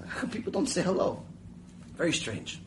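Animated high-voiced male Torah teacher. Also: a little fast, slight background noise, low-quality recording. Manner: animated, acts out the voices in his stories; chatty, drifts into asides. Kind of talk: Mussar lecture with storytelling.

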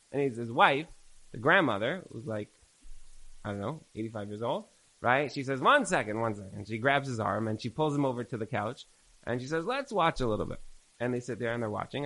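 A man teaching a recorded Torah class, telling stories in an animated way and repeating phrases for emphasis. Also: medium pitch, fairly quick, low-quality recording. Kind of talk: recorded religious class lecture.

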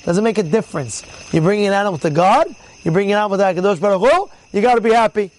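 Man, rabbi, high-pitched, informal Torah class, animated storytelling, repeats words. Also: very fast, poor audio.

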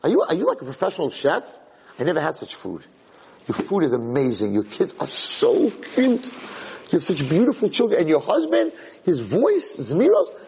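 A man voicing a teenage girl guest who gushes with praise, in a raised, excitable voice. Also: medium pitch, unhurried, slight background noise, lightly acted, rough recording. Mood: gushing. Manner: effusive, breathless praise.

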